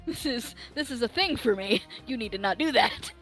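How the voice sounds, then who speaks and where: A woman's voice: fairly high pitch, animated, normal speed, a bit bright, faint music behind. Giggly woman telling a story. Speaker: player. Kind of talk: casual chat.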